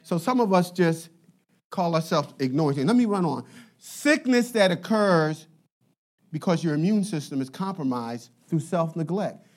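A male pastor with a high voice preaches a sermon in a lively, conversational style, tossing in playful asides.

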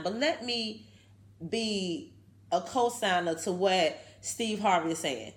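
A woman's voice: medium pitch, animated, measured pace, fairly bright tone. A woman, giving a casual, emphatic motivational talk to her viewers and tagging many lines with "okay". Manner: chatty, emphatic, keeps saying okay. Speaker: video host.

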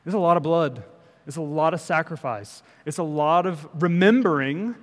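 A man's voice: on the high side, moderate pace, in a large hall. A male pastor giving a conversational sermon, often checking in with the congregation. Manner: conversational preaching, frequent "okay?" check-ins. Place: church sanctuary.

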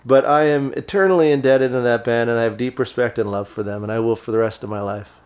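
A man telling a story on a podcast with animated excitement, stumbling over his words with many restarts, emotional to the point of tears. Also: medium pitch, quick pace, clear, resonant tone. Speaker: guest musician.

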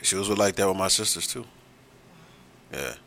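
Lowish voiced dude on a podcast, bright forceful tone, blunt and swears a lot. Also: male voice, normal speed, gravelly. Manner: blunt, unapologetic, profane. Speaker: podcast co-host. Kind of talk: casual chat.

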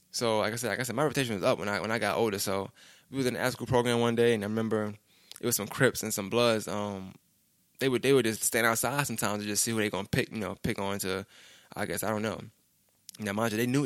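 A man's voice: fairly low pitch, no echo, studio quality. A young man, telling a rambling street story in casual slang with frequent restarts. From Brooklyn, New York.

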